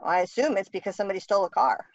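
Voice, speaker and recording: A woman's voice: medium pitch, very fast, gravelly, no room sound. A woman guest author talking in a casual interview, blunt and wry. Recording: dry, dull lo-fi sound.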